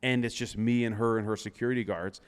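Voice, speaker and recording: Young man, casual storytelling, animated, frequent laughs, mid pitch, long reverb. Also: fast talker, smooth. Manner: animated, laughing often, lots of fillers. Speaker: DJ and podcast guest.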